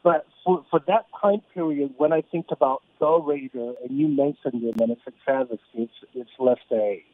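A male caller on a phone-in show, talking in a halting way and repeating words as he thinks. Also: medium pitch, dry recording. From Southern California. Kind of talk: phone-in call. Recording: tinny phone line.

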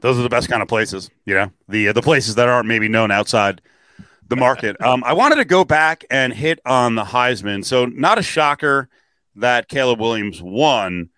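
A man's voice: medium pitch, moderate pace, bright, forceful tone, no room sound. A man hosting a sports talk radio show, chatting and reading out call-in numbers and promotions. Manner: chatty, reads phone number and ad plugs.

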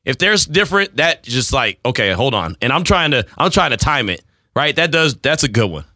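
A man's voice: mid-range voice, big pitch swings, a little fast, pushed and bright, no echo, clean studio sound. A man in his forties hosting a sports radio show, talking in teasing banter and laughing often. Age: 40s. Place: radio studio.

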